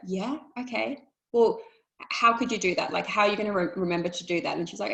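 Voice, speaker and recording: A woman's voice: medium pitch, fairly quick, gravelly, fairly bright tone, rough recording. A woman, a life coach hosting a webinar on a video call, talking casually and encouragingly to her audience and acting out little dialogues. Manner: chatty and encouraging, acts out quoted dialogue.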